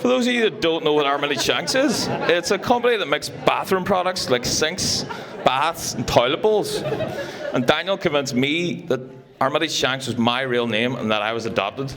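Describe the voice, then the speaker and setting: A man's voice: fairly high pitch, lively intonation, normal speed, a crowd in the background, background noise. A young man giving a joking, teasing best man speech at a wedding. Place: wedding reception room.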